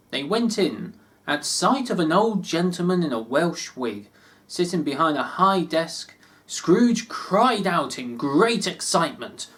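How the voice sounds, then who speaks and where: A man reading a classic story aloud, expressive and unhurried. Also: high-pitched. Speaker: reader.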